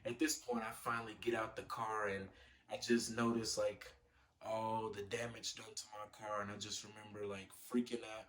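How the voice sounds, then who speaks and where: Animated young man telling a storytime. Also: lowish voice, moderate pace, distant mic. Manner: animated storytelling with lots of fillers. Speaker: vlogger. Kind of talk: storytime vlog.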